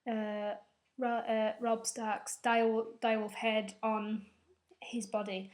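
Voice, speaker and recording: Chatty woman with a high voice. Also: completely flat delivery, unhurried, darkish tone. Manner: rambling, chatty, emotional, swears. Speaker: vlogger. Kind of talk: casual TV episode recap.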